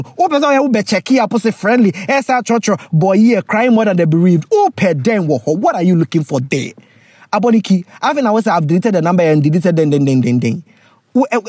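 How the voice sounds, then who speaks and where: A woman, hosting and reading out a listener's letter with casual advice, animated and laughing, often slipping into pidgin. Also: medium pitch, husky, dry recording.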